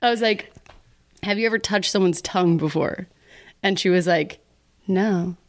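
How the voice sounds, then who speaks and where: A woman's voice: medium pitch, moderate pace. A young woman from Texas telling a personal story as a podcast guest, chatty and laughing often as she acts out what she once said. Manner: chatty, laughing often, acts out her own past words. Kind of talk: casual storytelling interview.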